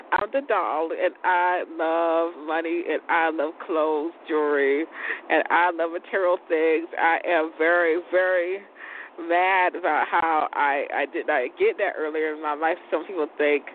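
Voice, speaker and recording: A woman's voice: low-pitched, slow pace. A woman hosting an internet radio show, rambling casually and profanely with frequent laughter, outdoors on a balcony. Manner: chatty, profane, laughs often. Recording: tinny phone line, faint outdoor noise.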